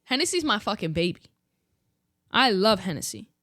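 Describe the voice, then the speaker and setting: A woman's voice: mid-range voice, very animated, normal speed, pushed and bright. A woman doing a playful, exaggerated fake British accent during a casual chat. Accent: put-on British. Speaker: podcast co-host.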